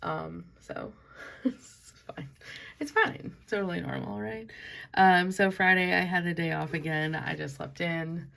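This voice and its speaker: A young woman talks casually about her week, her lowish voice full of vocal fry. She chats loosely and says "like" in nearly every phrase. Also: fairly even intonation, a little slow, a bit bright. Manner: chatty, frequent "like" fillers. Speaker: planner vlogger. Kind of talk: casual chat.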